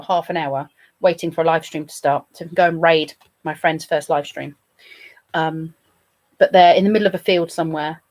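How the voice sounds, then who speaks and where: A woman's voice: low voice, a little mellow. Chatty British woman live streaming. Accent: British English. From England. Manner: chatty and playful, talking to viewers. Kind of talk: casual live stream chat.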